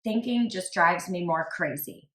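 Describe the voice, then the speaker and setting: A woman's voice: fairly low pitch, unhurried. A woman podcast host chatting casually and reading text messages aloud with lots of "like" asides. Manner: reads quotes flatly with frequent "like" asides. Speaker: true crime podcast host. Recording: roomy echo.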